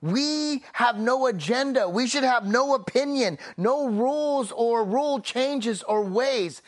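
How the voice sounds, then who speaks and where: Preaching with emphasis and lively intonation, a male pastor draws out key phrases slowly and sinks to a soft, low voice at the end of each thought.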